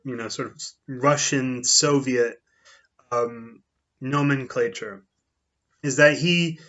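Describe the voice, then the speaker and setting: A man's voice: mid-range voice, fairly bright tone. A man giving a casual spoken book review, rambling and thinking aloud in a conversational way. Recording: dull lo-fi recording.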